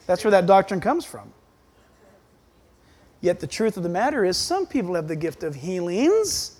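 A man preaching a sermon as pastor, emphatic and animated, acting out quoted voices. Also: very high-pitched, moderate pace.

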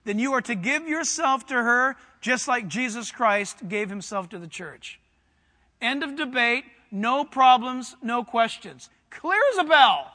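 A male preacher with a very high, bright voice that rings through a long hall reverb. He presses his congregation with direct questions and climbs into fervent shouting. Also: animated, slow. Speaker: pastor. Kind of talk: sermon.

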